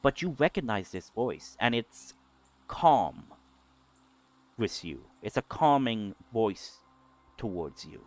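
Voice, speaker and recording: A man's voice: on the low side, very animated, slow, pauses often. A man narrating as game master, describing scenes while searching for words.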